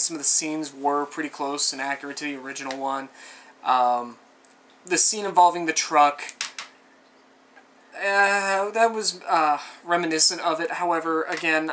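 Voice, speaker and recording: A man's voice: fairly high pitch, steady tone, moderate pace, bright, forceful tone, slight background noise. Rambling, exasperated man reviewing a film. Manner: rambling and conversational, with frequent asides; exasperated, sarcastic commentary. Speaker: movie reviewer. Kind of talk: casual film review monologue.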